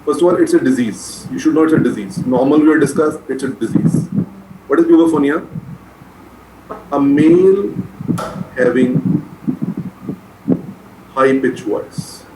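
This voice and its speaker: A man's voice: medium pitch, measured pace, pauses often. A man giving a medical lecture, repeating key terms so students can write them down. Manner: repetitive, drilling key terms for exams. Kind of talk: classroom lecture. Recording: roomy echo, faint noise.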